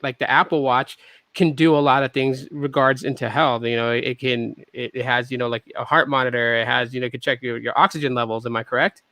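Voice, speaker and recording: A man hosts a relaxed tech podcast. He is hesitant and stops and restarts often. His voice is dry and close to the mic. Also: medium pitch, dry recording. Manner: hesitant, many restarts and fillers. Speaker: podcast host. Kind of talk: casual tech podcast chat.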